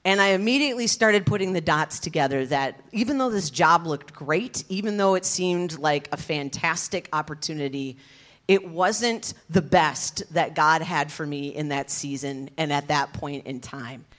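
A woman, telling her personal testimony in an earnest, expressive storytelling way. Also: sits low, moderate pace. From Detroit area, USA. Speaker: speaker sharing her testimony.

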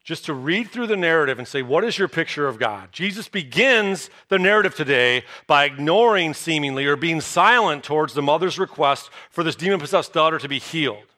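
A man preaching a sermon, telling a Bible story with lively storytelling and acted-out reactions. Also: on the high side, brisk, few pauses. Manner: animated storytelling, acts out disciples' reactions. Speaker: pastor.

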